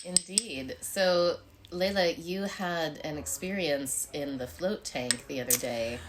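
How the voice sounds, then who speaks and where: Podcast co-host, woman, low, very slow and soft-spoken. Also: slight background noise. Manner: soft, slow responses, quiet affirmations. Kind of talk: casual chat.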